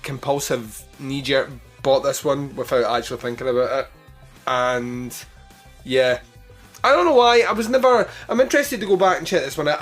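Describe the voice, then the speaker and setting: A man hosting a podcast, chatting casually through his outro and rattling off where to find the show. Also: medium pitch. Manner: chatty, rambling plugs. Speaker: podcast host.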